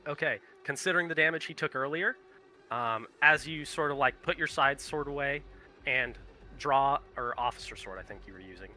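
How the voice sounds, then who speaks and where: Bright-voiced male game master. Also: medium pitch, normal speed. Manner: casual, swearing, laughing often. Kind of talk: narrating a tabletop game.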